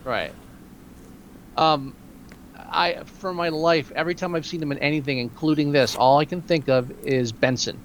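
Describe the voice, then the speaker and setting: Wry, opinionated man, higher voice. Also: slight background noise. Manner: wry, opinionated, quick to joke. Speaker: podcast co-host. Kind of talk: casual movie chat.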